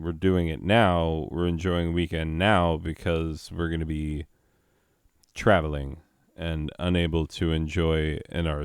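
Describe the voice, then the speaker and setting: A man's voice: low voice, smooth, no room sound, clean studio sound. A man hosting a comedy video, talking in an exasperated and sarcastic way. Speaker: host. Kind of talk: comedic banter.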